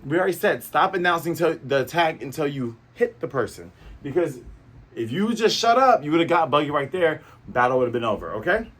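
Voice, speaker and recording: Man, casual comic recapper, husky, swoops around with sound effects. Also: on the high side, a little fast. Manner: animated, full of sound effects. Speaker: manga reviewer.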